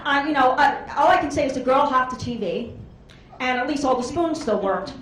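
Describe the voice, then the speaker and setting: A woman's voice: high-pitched, fairly quick, very noisy. A woman doing a stand-up comedy set on a club stage, telling brash, rambling stories full of quoted voices. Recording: echoey club room.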